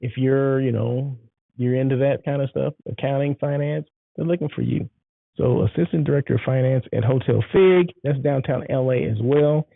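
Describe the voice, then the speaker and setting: Male solo host, rambling and upbeat, gravelly edge, thin phone-like sound. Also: mid-range voice, moderate pace, dry recording. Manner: enthusiastic, rambling, repeats himself. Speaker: show host. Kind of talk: casual solo show chat.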